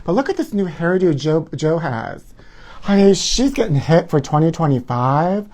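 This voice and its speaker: A man's voice: fairly high pitch, big pitch swings, moderate pace, a little mellow. Campy gossiping man hosting alone. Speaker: host of a live gossip show. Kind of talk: solo livestream chat. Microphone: phone camera filming himself.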